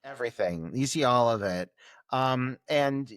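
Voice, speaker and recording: Excitable man chatting about a film. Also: mid-range voice, a little slow, clear, resonant tone, dry recording, clean studio sound. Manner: laughing, excitable commentary. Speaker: podcast co-host. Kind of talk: casual film recap chat.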